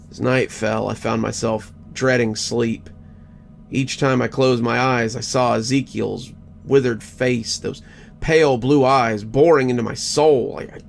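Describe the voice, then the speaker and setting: A man narrating a first-person horror story in a measured, scripted way. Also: medium pitch, vocal fry. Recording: faint background music.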